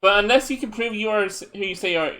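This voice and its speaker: A man voicing a brusque male police detective in a put-on British accent, gruff and dismissive, while reading a fan game aloud with voices. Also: high-pitched, quick pace, pushed and bright.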